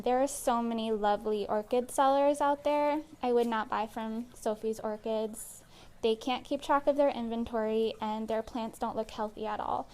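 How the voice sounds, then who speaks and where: Woman vlogger, out of breath and exasperated, casual ranting review, voice a touch high. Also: darkish tone. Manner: exasperated, says "like" often. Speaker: plant vlogger.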